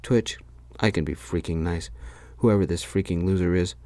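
A man's voice: deep voice, moderate pace, dark tone, no echo, close to an everyday voice. A man voicing a hot-tempered, threatening young frat guy in whispered role-play. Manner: aggressive, threatening.

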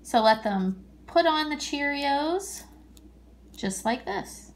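A woman who is a children's librarian, leading a toddler storytime in a gentle, encouraging, sing-song teacher voice. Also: high voice, lively intonation, takes it slowly. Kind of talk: speaking slowly and simply to toddlers. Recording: roomy echo.

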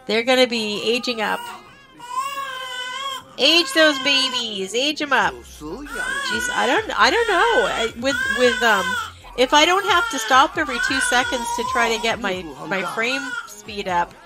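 A woman with a high, very animated voice live-streams a game at a measured pace, gushing and talking to her characters as she plays. The audio is very noisy, with game music in the background.

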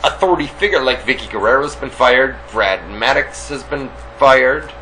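Bright, animated New York man. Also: mid-range voice, normal speed, slight background noise, low-quality recording. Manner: rambling, hesitant, lots of fillers. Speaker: co-host. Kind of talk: casual podcast chat. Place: small hot room with air conditioning.

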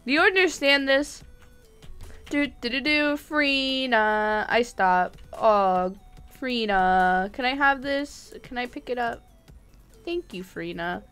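High-voiced, giggly woman livestreamer. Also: slow, clean tone, soft background music. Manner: giggly, excitable, often shouting and apologizing. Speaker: gaming livestreamer. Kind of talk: live gameplay chatter.

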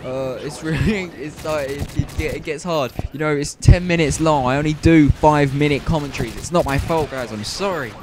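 A man's voice: fairly high pitch, moderate pace, few pauses, background noise. A man giving gameplay commentary, rambling, stumbling over words and apologizing often. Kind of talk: video game commentary.

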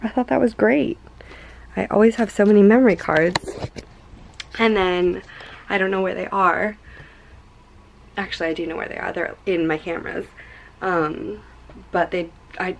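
A young woman chatting casually in a home vlog, bubbly and excitable, rambling with many fillers. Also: medium pitch, creaky, slight background noise, poor audio. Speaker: vlogger.

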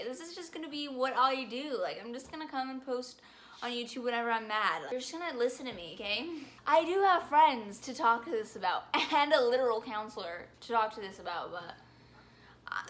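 A young woman vlogging alone, ranting in a dramatic, self-mocking way that swings from mumbling to yelling. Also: a little high, slight background noise. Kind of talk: casual ranting vlog.

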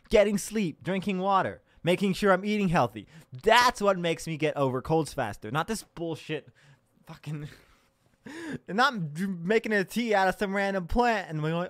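A man's voice: high-pitched, lively intonation, normal speed, a bit bright, no echo, clean studio sound. A young man hosting his own podcast, ranting casually with lots of swearing, sarcasm and laughter. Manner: sarcastic, swearing, laughing mid-sentence, mocking voices. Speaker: podcast host. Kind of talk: casual solo rant. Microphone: home recording setup.

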